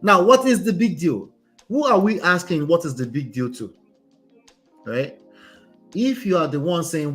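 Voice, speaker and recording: A man's voice: fairly high pitch, big pitch swings, normal speed, long pauses, soft background music. A man, a relationship coach commenting on a story he reads aloud, speaking emphatically and ending many points with "right?". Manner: emphatic, tags lines with "right?".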